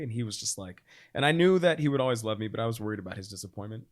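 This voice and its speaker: A man in his thirties, a podcast guest, telling a personal story in a casual, animated way, acting out quoted voices and laughing often. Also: fast. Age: 30s. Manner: animated, acts out quoted voices with big pitch jumps; laughs often, frequent fillers like "like".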